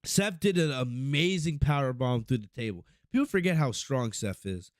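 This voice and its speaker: A man hosting a casual review podcast, talking in an excitable, profane, rambling way with frequent restarts. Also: medium pitch, moderate pace, no room sound, studio quality. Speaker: podcast host.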